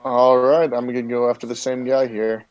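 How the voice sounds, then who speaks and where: A man playing a tabletop game, describing his character's attack in a halting way with many fillers. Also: mid-range voice, little pitch movement, darkish tone, no room sound. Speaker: player.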